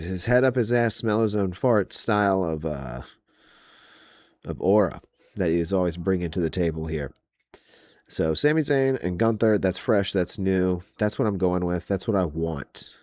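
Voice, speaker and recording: A man's voice: low-pitched, expressive, measured pace, darkish tone, no echo. A man hosting a wrestling podcast, ranting about match predictions in a profane, exasperated way.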